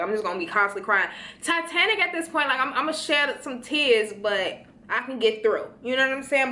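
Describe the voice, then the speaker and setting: A woman's voice: a little high, pushed and bright, reverberant. A young woman from Chicago chatting casually with viewers, slangy and playful, answering their questions. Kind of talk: casual chat.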